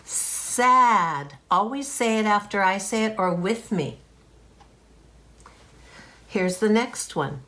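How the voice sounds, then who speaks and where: A woman teaching a kindergarten phonics lesson, speaking clearly and encouragingly and drawing out the sounds. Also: medium pitch, expressive, slow pace, long pauses. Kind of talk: phonics lesson for young children.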